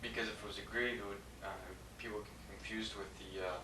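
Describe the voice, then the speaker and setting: A man's voice: fairly low pitch, level tone, fast. A man, a student in a classroom, answering hesitantly with many uh and um. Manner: hesitant, full of uh and um. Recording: echoey classroom from far off, faint hiss.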